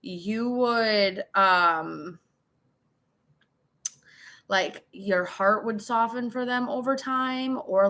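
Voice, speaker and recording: Bright-voiced tipsy woman reading tarot. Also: mid-range voice. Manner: chatty, swearing, laughing, dramatic asides. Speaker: tarot reader. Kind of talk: casual live tarot reading.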